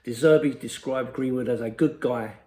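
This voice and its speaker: Male podcast host, steady news read, mid-pitched voice, roomy echo. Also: normal speed. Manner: steady read-aloud delivery. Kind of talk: scripted news headlines.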